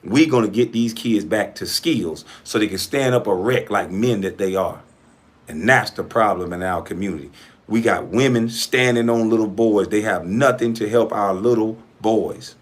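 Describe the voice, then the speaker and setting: A middle-aged man from coastal Georgia giving a profane, forceful monologue to camera as an entrepreneur vlogger, repeating himself for emphasis. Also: fairly low pitch, moderate pace. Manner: profane, forceful ranting with repetition.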